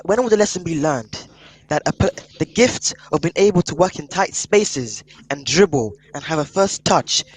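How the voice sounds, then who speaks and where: A man's voice: fairly high pitch, expressive, normal speed, slightly rough, low-quality recording. A man on a podcast panel in casual football chat, emphatic and repetitive, keeping "man" on the ends of his sentences, heard over an online call mic. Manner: emphatic, keeps tagging "man" onto sentences.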